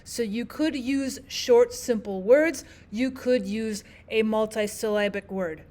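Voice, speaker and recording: A woman gives a recorded lesson in a slightly high voice with a dark tone, speaking slowly. She breaks terms down step by step, clearly and methodically, repeating what matters most.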